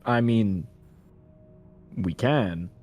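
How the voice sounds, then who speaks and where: A man playing a tabletop game, chatting casually. He speaks hesitantly and hedges what he says. His voice has a dark, mellow tone. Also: on the low side, drawn-out words, no room sound, soft background music. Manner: hesitant, hedging. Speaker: player. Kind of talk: casual chat.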